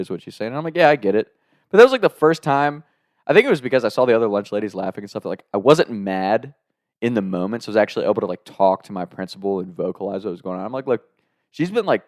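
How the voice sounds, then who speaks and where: A young man telling a story from his school days in a casual, animated way, acting out what people said, with sudden loud outbursts. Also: lowish voice, no echo, studio quality.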